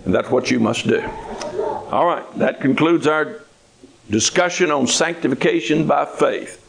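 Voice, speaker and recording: A man's voice: fairly high pitch, measured pace, vocal fry, poor audio. A man preaching a sermon in a folksy, conversational way with touches of humor.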